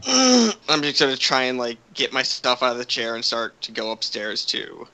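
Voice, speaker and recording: Male player, bright edgy voice, offhand and sighing. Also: mid-range voice, steady tone, moderate pace, clear, resonant tone. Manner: sighing, swearing, casual. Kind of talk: casual tabletop game play.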